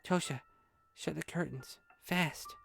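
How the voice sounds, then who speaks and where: A man voicing a scared little girl, a chattering younger sister, in a high, pleading, childlike voice while reading a game aloud. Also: slow pace, vocal fry, a bit bright, soft background music, exaggerated voice. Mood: frightened.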